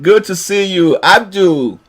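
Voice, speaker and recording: A man's voice: high-pitched, animated, slow, fairly bright tone. A man hosting a live trading lesson, cheerfully greeting viewers by name and laughing often.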